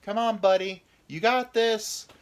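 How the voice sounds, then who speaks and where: A man's voice: sits high, fairly even intonation, a little slow, smooth, voice pushed up. A man voicing his own penis as an eager, cussing third-base coach who urges him on. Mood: eager cheering. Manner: cheering, urging, exasperated yelling.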